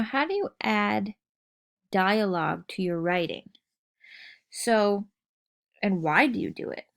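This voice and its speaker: A woman teacher giving a recorded writing lesson, explaining patiently step by step and checking in with "okay?" and "right?". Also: medium pitch.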